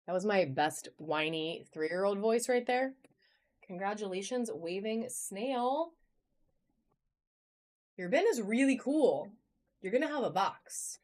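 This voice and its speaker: A woman with an expressive, mid-range, darkish voice speaks slowly, leaving long pauses. She is hosting a live online auction via phone camera, greeting viewers by name in bubbly, chatty fashion as she presents items.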